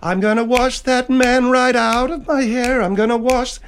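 A man's voice: very high-pitched, steady tone, normal speed, a little hiss or hum, voice pushed up. A man voicing Margaret, a prim, easily offended woman co-host who lectures the others.

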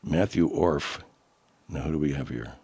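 A man with a warm, husky bass voice hosts a show, chatting casually and loosely at a moderate pace while playing clips sent in by listeners. He swears freely along the way.

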